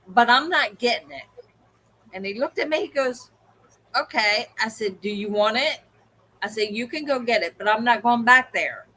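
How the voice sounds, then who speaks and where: A woman co-hosting a livestream, telling an animated story in casual chat and acting out the voices of the people in it. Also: a little high, low-quality recording. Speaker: co-host.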